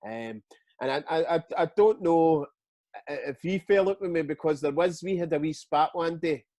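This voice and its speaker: A Scottish man in his forties, a guest telling stories in a casual interview, halting and repeating words as he goes. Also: fairly high pitch, dry recording. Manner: lively storyteller. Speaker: guest, retired footballer.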